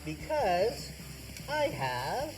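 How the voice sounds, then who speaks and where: Male home cook, sing-songy and bouncy, high voice. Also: wildly swooping pitch, very slow, soft background music. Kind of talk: cooking demonstration.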